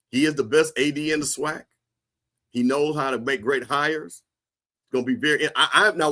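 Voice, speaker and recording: A man hosting a casual livestream, joking and talking straight to his viewers in the chat. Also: medium pitch. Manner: animated, joking, talks to chat. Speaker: livestream host.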